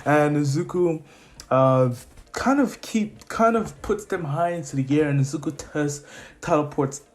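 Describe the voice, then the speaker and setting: A man's voice: fairly high pitch, unhurried. A man casually retelling a fan story in a rambling way, full of fillers. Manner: rambling, loose with fillers like "so yeah".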